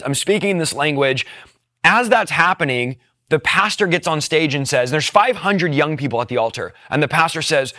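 A young man recounts his personal conversion with earnest emotion, sometimes hushed, sometimes rising with excitement. His voice is bright and forward, sitting slightly high for a man. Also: fairly quick. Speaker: testimony speaker.

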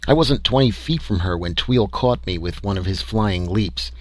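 A man narrating a story in an expressive, dramatic reading style. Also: lowish voice, normal speed, no echo. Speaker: audiobook narrator.

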